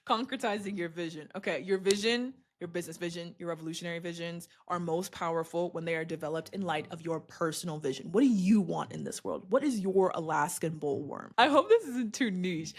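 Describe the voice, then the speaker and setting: A young woman, a podcaster and video host, giving a casual motivational talk to camera, animated and laughing often, with big swoops in pitch. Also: fairly quick.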